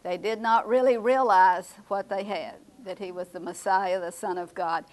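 A woman's voice: mid-range voice, fairly even intonation, normal speed, rough recording. An older woman leading a Bible study class in a conversational way, repeating her students' answers and often chuckling. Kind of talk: Bible class teaching with questions.

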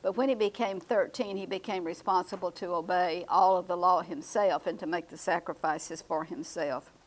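A woman's voice: on the low side, fairly even intonation, normal speed, low-quality recording. Older lady teaching bible class, chatty, repeats answers back, chuckles a lot.

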